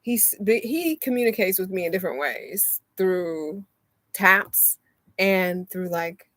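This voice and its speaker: A young woman casually chatting on a live stream from inside her motorhome, animated and laughing often. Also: on the low side, takes it slowly, no room sound. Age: young adult. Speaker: vlogger and oracle card reader.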